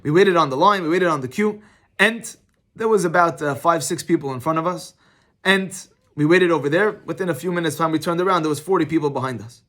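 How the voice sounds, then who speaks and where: A man's voice: on the high side, brisk. A middle-aged man, a rabbi, giving an informal Torah class, teaching through conversational personal stories. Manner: conversational, storytelling, animated.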